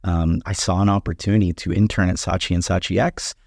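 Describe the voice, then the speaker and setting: A man in his thirties with a deep, low voice speaks as an interview guest, answering in calm, articulate sentences that often open with a soft "um." The recording is dry and close, with no room echo. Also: vocal fry. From United States, Honduran parents. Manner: measured, articulate, frequent "um" openers. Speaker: guest, company CEO.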